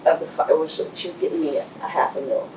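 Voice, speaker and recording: A woman's voice: low-pitched, quick pace, darkish tone. A middle-aged woman from Texas, a business owner and interview guest, telling her story bluntly and acting out the other people's lines. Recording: roomy, distant mic with faint background hiss.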